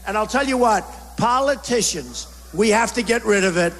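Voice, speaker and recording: A man's voice: sits high, expressive, moderate pace, a bit bright. A man giving a campaign rally speech in punchy, repetitive short phrases, bombastic and rousing. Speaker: political speaker at a rally. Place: large indoor rally venue. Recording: echoey hall with faint crowd noise.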